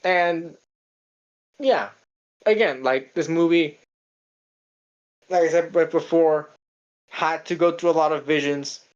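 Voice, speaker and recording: A man talking through a film on a casual podcast, circling his point with repeated false starts and the odd swear word. The sound is a bit dull and lo-fi, as if the high end has been trimmed off. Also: slow pace, pauses often. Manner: rambling, stammering restarts, casual swearing. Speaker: podcast co-host. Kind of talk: casual film review chat.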